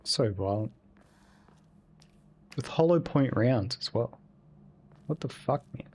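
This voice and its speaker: Casually chatting while he live-streams a game, a young man rambles on and swears freely in a relaxed manner. His voice is medium in pitch, expressive, slow and darkish, with a little hiss or hum in the audio.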